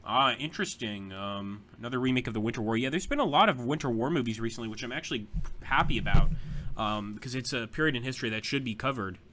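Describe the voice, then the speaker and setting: A man commentating his own live stream of a strategy game, chatting to viewers as he plans moves, with sudden bursts of excitement. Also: medium pitch, quick pace, slight background noise.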